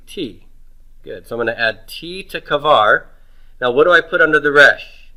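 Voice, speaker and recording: Man, middle-aged, teacher, bright forceful voice, lecture, asks and answers his own questions. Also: mid-range voice, lively intonation, poor audio. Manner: asks questions and answers them himself, drawing out words slowly. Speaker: Hebrew grammar teacher. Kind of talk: homework review lecture.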